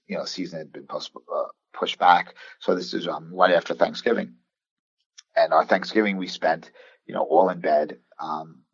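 A deep, gravelly man in his fifties tells a personal story on a podcast, earnest and halting, often restarting his sentences. His voice is husky and low, and the dry, dull recording sounds lo-fi. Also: dry recording. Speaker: basketball coach guest.

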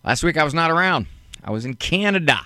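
Man, radio call-in host, playful and joking, animated pitch, dry close studio sound. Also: fast talker, no echo. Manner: playful, joking, shows off big words for laughs. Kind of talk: live radio call-in show talk.

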